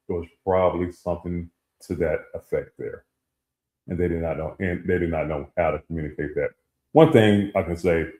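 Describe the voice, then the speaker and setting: With a low-pitched, warm voice, this middle-aged co-host shares a personal story on a laid-back talk show. He performs the voices of those he quotes, and the recording has an echoey room sound.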